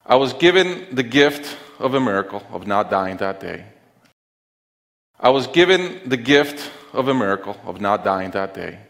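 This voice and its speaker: A middle-aged man telling a personal story on stage, with an earnest, deliberate, heartfelt delivery and pauses. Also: medium pitch, sing-song, gravelly, a bit bright. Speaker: conference speaker. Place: stage in a large auditorium. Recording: long reverb of a large auditorium.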